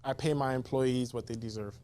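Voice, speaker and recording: A man's voice: mid-range voice, steady tone, brisk, mellow. A man who runs a food truck, talking earnestly in a casual interview and leaning on "you know". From Hawaii. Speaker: guest, food truck owner.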